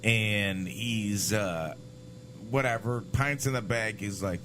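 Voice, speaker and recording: A man's voice: fairly low pitch, slow pace, a bit bright, slight background noise. A man co-hosting a casual podcast, telling rambling road stories full of swearing and fillers. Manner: rambling storyteller, swears a lot. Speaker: podcast co-host. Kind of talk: casual chat.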